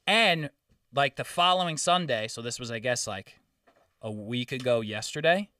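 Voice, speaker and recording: A young man hosting a podcast, telling a story in casual chat, swearing often and getting animated. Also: mid-range voice, clear, resonant tone, no room sound, clean studio sound, distant mic. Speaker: podcast host.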